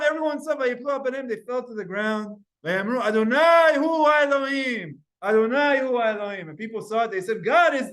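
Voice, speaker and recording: A man teaching a Talmud class, reading Hebrew verses aloud and retelling them in lively, storytelling English. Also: high voice. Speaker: Torah teacher.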